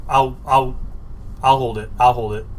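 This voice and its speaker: A man's voice: mid-range voice, fairly even intonation, a little slow. A man co-hosting a podcast, chatting casually and jumping in with his own points. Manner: conversational, jumps in with comments. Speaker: podcast co-host.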